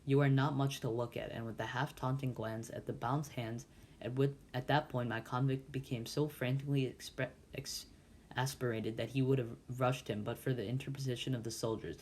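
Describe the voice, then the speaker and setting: A man's voice: medium pitch, steady tone, moderate pace, a little hiss or hum. Man reading a novel aloud, stumbling often. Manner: frequent stumbles and restarts. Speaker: volunteer reader.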